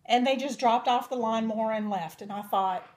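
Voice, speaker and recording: A young woman with a drawl tells her life story as a testimony. Her voice sits slightly high, and she speaks with earnest, emotional sincerity. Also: normal speed. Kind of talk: personal testimony.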